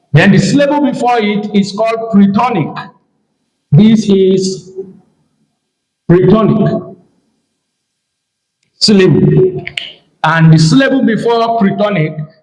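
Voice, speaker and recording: Slow, high-voiced male Hebrew teacher. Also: a little mellow, echoey room, rough recording. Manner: slow, repeats key terms and tells the learner to take note. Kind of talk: recorded grammar lesson.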